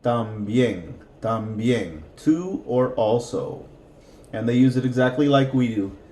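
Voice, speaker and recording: A man's voice: medium pitch, a little slow, mellow, echoey room, a little hiss or hum. A man teaching a language lesson, patiently repeating each word for practice. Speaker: Spanish teacher.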